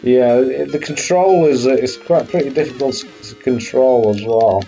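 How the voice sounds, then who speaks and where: A man's voice: medium pitch, normal speed, vocal fry, dark tone, faint music behind. A man hosting a retro game live stream, chatting casually and swearing now and then. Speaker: streamer host.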